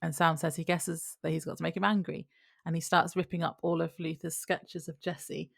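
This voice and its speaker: A woman co-hosting a podcast, casually retelling a TV episode in a relaxed, chatty way. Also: deep voice, normal speed, creaky, breathy edge, no echo, studio quality. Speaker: podcast co-host. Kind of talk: casual chat recapping a TV episode.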